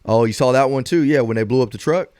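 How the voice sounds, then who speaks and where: A man's voice: medium pitch, fast, darkish tone, no echo, studio quality. A man hosting a podcast, a police officer talking earnestly in a casual chat.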